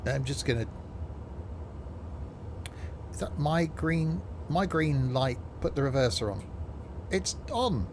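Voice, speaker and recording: A man casually commenting while playing a train simulator, chatty and self-mocking, quick to exasperation. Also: fairly high pitch, expressive, background noise.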